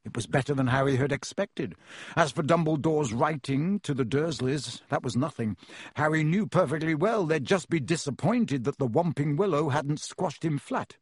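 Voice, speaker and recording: A man narrating an audiobook in a measured, expressive storytelling style. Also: on the high side, husky, dry recording, studio quality. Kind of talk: scripted narration.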